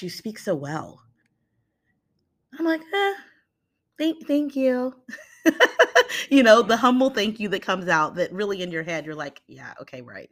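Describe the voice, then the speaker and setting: A woman, a mother of several, giving a casual motivational talk to the listener and acting out inner voices along the way. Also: on the low side. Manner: animated, conversational, acts out inner voices.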